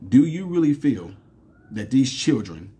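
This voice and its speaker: A man's voice: mid-range voice, very animated, unhurried, warm tone, a little hiss or hum. A man in his thirties talking casually to viewers in a commentary vlog, telling stories with fillers and laughing often. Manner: conversational, storytelling, laughs often, many fillers. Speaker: commentary vlogger.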